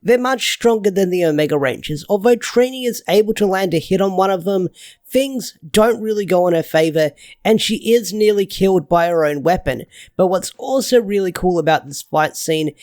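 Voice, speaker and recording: A man giving a casual, excitable comic book review, gushing and rambling loosely. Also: high voice, normal speed, no echo.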